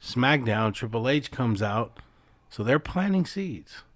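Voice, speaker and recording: A man's voice: mid-range voice, animated, slow, dry recording. A man co-hosting a wrestling podcast, confidently laying out his predictions in casual chat. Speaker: podcast co-host.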